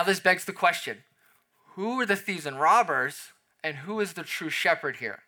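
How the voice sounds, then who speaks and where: A young adult man preaching a sermon, dropping to a soft emphasis on key phrases and swinging his loudness up and down. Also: fairly high pitch. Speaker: pastor.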